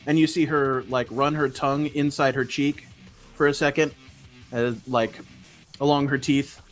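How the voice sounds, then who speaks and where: A man's voice: medium pitch, steady tone, moderate pace. Male game master, casual narration, profane, filler words, faint guitar music.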